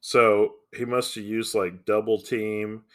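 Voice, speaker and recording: Male co-host, lowish voice, hesitant and musing. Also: little pitch movement, takes it slowly, fairly bright tone. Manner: hesitant, thinking aloud. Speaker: podcast co-host. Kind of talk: casual chat.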